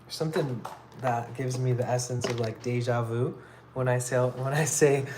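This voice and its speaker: A man's voice: mid-range voice, moderate pace, background noise. Rambling, easygoing man streaming from his phone. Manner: rambling, relaxed, lots of "like" and "kinda crazy". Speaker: livestreaming artist. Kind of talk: casual live-stream chat while working.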